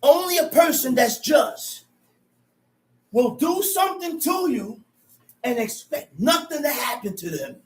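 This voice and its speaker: A high-pitched man preaching in a slow, deliberate way, forceful and repetitive. He is recorded from a distance in a roomy, echoing space. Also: animated. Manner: loud, emphatic, repeats words. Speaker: teacher. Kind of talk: street preaching. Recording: echoey, distant mic.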